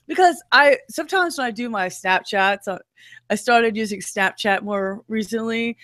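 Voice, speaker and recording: A woman with a low voice, co-hosting a casual web talk show and breaking into playful impressions as she talks. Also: moderate pace, fairly bright tone, no room sound, clean studio sound. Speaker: podcast co-host. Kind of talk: casual chat.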